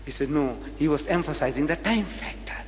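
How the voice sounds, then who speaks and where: A man's voice: on the high side, brisk. An older man from South Africa preaching to an audience, dramatic and full of rhetorical questions, repeating phrases for emphasis. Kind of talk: public lecture to an audience. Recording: lo-fi hall recording with faint hum.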